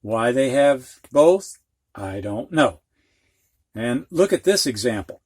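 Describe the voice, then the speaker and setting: A man's voice: mid-range voice, very animated, slow pace, darkish tone, husky, no room sound. A man with a Midwestern accent teaching reading, explaining dictionary pronunciation symbols in a frank, plainspoken way and drawing out sounds to demonstrate them. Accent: American Midwest. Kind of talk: slow, explanatory lesson.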